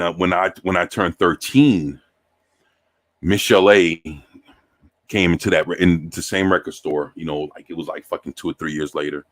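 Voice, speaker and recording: A man in his forties telling rambling stories in a relaxed, profane way, often ending sentences with "man". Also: low voice. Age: 40s. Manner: rambling, profane, laid-back, peppered with "man". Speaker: show host. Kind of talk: casual storytelling.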